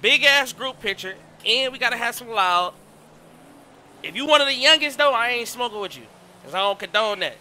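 A man streaming live, chatting casually and excitedly, shouting out his viewers in heavy slang. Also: very high voice, moderate pace.

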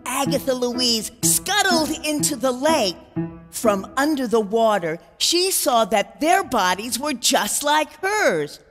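Slow, expressive woman reading a storybook. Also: high voice. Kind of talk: reading a children's storybook aloud. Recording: long reverb, faint background music.

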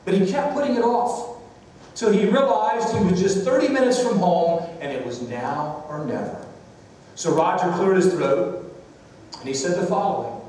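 High-voiced preacher in an echoing church. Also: male voice, animated, moderate pace, a little mellow. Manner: storytelling and preaching, calling for amens. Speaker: pastor. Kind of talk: sermon. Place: church sanctuary. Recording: echoey church hall, distant mic.

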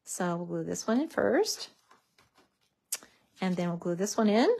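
A woman's voice: fairly low pitch, animated, unhurried, gravelly, a little mellow. A woman hosting a craft tutorial, chatting casually and gushing over how cute everything is as she works.

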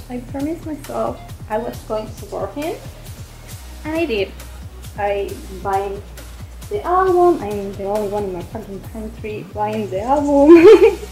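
High-voiced, gushing young woman vlogger. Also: poor audio. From Argentina. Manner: gushing, excitable fan with giggles and many fillers. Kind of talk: casual unboxing chat. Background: faint background music.

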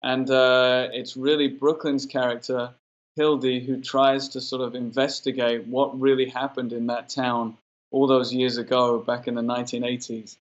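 British male actor, relaxed interview guest, flat delivery, muffled lo-fi recording. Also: medium pitch, normal speed. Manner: easygoing, loose, with many fillers. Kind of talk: casual interview chat.

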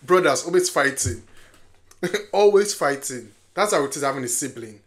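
A movie reaction vlogger chatting casually, talking back to the screen and shouting warnings at the characters. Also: mid-range voice, expressive, normal speed. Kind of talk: casual live reaction to a film. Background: film soundtrack music playing.

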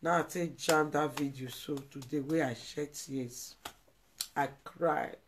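A woman's voice: low voice, steady tone, measured pace, background noise. A Nigerian woman hosting a live video, speaking in an emotional, pleading way and repeating herself. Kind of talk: emotional live-stream commentary.

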